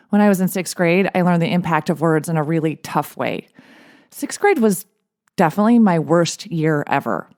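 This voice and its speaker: Mellow-voiced woman life coach. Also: deep voice. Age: 40s. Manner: gentle, encouraging, with light laughs. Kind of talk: scripted podcast monologue.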